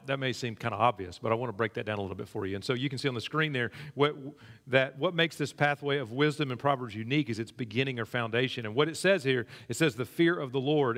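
Man preaching in a reverberant hall. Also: fairly bright tone. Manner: conversational preaching, rising in pitch when emphatic. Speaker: pastor. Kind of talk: sermon.

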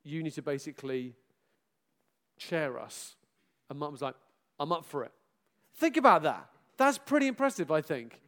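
High-voiced, animated pastor. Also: male voice, moderate pace. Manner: animated, self-mocking, bursts into loud exclamations and laughter. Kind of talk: farewell address from the pulpit.

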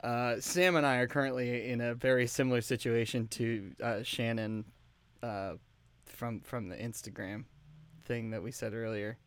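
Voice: medium pitch, steady tone, moderate pace, clean tone. A young adult co-hosting a casual podcast, making dry teasing jokes with hesitant fillers. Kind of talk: casual chat.

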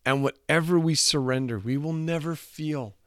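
A man's voice: fairly high pitch, normal speed, a bit bright, no echo, clean studio sound. A man preaching a sermon, retelling a scripture passage in an earnest way and repeating his phrases for emphasis.

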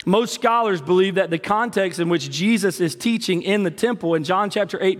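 A man preaching a sermon as pastor, emphatic, with dramatic swings in pitch and slow stressed phrases. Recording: long hall reverb.

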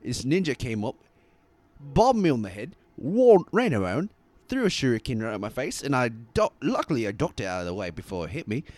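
An excitable British bloke tells a rambling tale in put-on slang, as a man plays him. His mid-range voice leaps up and down in pitch. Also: brisk, lightly acted. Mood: animated.

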